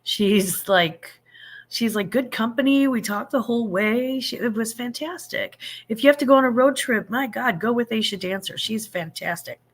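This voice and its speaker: A woman's voice: fairly high pitch, normal speed, breathy edge. Chatty woman hosting a live chat. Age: 50s. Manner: chatty and rambling, with frequent fillers and restarts; affectionate, greets viewers with endearments. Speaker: host of a live chat stream. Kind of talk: casual live-stream chat.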